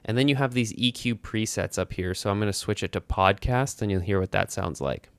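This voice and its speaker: A young man talks through a tech review at home in an easygoing, chatty manner. His voice sits a little low and comes across smooth and clean. The sound is very dry and close, with no room echo. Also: a little fast. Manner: relaxed, conversational, with frequent "kinda" and "like". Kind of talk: casual microphone review. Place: home studio.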